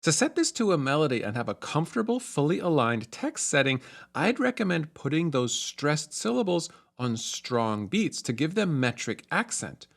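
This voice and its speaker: A man narrating a music theory lesson, explaining in a clear, measured way. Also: a little high, sing-song.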